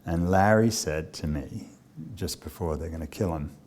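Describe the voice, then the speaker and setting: A man who directs a charity, telling a personal story in a measured, understated way with frequent pauses. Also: rumbling low, darkish tone.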